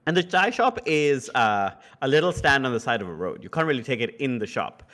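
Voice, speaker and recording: A man's voice: medium pitch, a little fast. Laid-back man running a tabletop game. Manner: relaxed, chatty, laughs easily. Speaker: game master.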